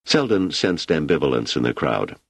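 A male audiobook narrator with a very low, gravelly voice reads the story in a steady, measured way. His pitch moves widely, and the tone is husky. The close recording is dry, with no room echo. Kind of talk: scripted narration.

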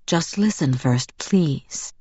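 Woman reading as a male vampire, smooth velvet voice, measured and firm, low-pitched, dull dry recording. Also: lively intonation, mellow, dry recording, full character voice. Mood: firm, calm. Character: calm, persuasive male vampire, young-seeming.

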